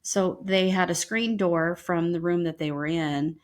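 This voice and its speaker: A woman's voice: lowish voice, unhurried. Woman co-host telling a story. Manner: lively retelling with frequent ums. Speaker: podcast co-host. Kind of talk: casual storytelling.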